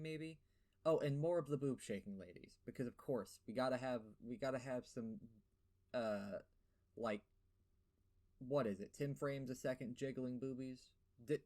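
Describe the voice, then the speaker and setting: A man's voice: medium pitch, a little mellow. A young man with a lisp giving a sarcastic, profane game review voiceover, full of fillers and rants. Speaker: gaming video host.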